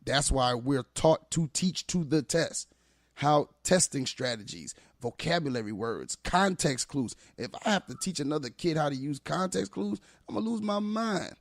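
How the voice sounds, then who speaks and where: A man who works as a teacher, talking as a guest on a podcast, telling animated, emphatic stories. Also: on the high side, normal speed, dry recording. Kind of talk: casual podcast conversation.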